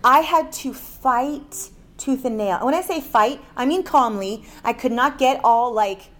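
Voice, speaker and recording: A woman from Miami gives a Christian seminar talk, telling a personal story in an animated way and laughing along the way. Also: high voice, measured pace. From Miami, United States. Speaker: seminar speaker. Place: conference seminar room.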